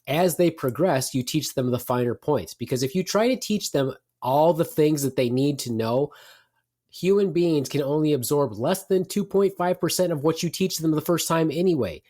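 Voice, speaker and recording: A man's voice: medium pitch, darkish tone. A man co-hosting a podcast, blunt and profane, lecturing in a casual group chat. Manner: blunt, lecturing, profane, mimics others in quotes. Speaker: podcast co-host. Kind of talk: casual banter.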